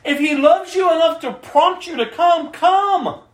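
A woman's voice: extremely high pitch, a little slow. A woman preaching a sermon, emphatic, acting out the prayers she quotes. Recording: roomy echo.

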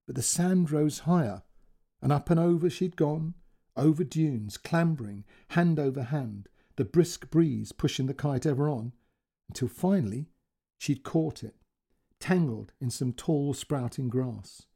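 A male storyteller reading a short story aloud with expressive, emotional narration. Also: a little high, measured pace, creaky.

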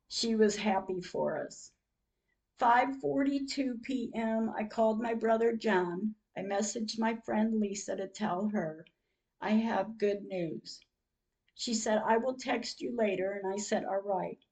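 A woman's voice: medium pitch, darkish tone, rough recording. An older woman narrating her own day as a diary, reading out times and messages, emotional at times. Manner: reads out dated entries and messages, emotional. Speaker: podcast host. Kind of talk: diary-style personal narration.

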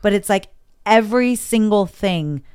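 A woman's voice: medium pitch, lively intonation, a little slow, darkish tone, smooth. A woman candidly recounting a hard personal experience in conversation, emotional and quoting herself and others as she talks.

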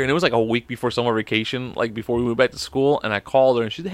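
A man's voice: mid-range voice, fairly even intonation, very fast, hardly any pauses, no room sound. Profane rambling young man, dry sound. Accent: Chicago. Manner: profane, rambling, laughing often. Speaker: podcast co-host. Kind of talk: casual storytelling.

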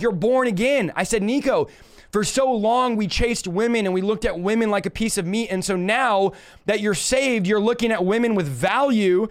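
On a live stream, a man recounts his personal conversion testimony with animated, emotional earnestness, acting out the dialogue he quotes. His voice sits high.

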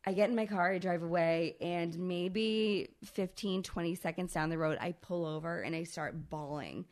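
A woman in her thirties, a podcast co-host, telling a long personal story in casual, profane, animated chat. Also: on the low side, moderate pace.

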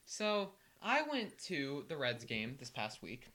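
A young man co-hosting a casual sports chat, an animated storyteller who loudly mimics yelling fans. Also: mid-range voice, slow, a crowd in the background. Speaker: co-host.

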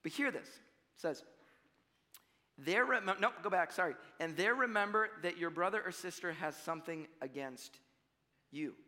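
A young man preaching from the front of a church, his voice high and bright. He talks casually to the congregation, then punches key lines loudly before dropping to near-quiet asides. The sound carries a long hall reverb. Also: moderate pace, pauses often. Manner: animated, conversational preaching with shifts between loud emphasis and quiet asides. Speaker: pastor. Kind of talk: sermon.

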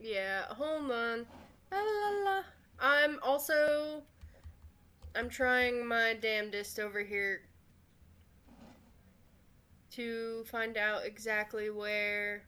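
A woman's voice: a little high, steady tone, extremely slow, pauses often, bright, forceful tone. A woman narrating as game master in a tabletop game, casual and hesitant with lots of fillers.

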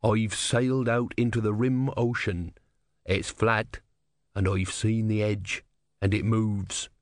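A man's voice: lowish voice, steady tone, slow pace, no room sound, studio quality. A man voicing a worried, gloomy ship captain in an audiobook, speaking anxiously and in secretive tones. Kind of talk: audiobook character voice.

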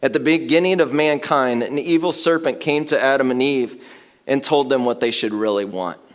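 Male pastor, sermon, casual talk, medium pitch, grows loud and excited. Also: moderate pace. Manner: conversational, builds to loud excited emphasis with laughter.

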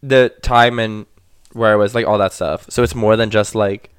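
A young man co-hosting a casual podcast, playful and quick to joke as he reacts to a friend. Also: on the low side, fairly even intonation, clear, resonant tone, no echo, studio quality. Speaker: podcast co-host. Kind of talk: casual chat.

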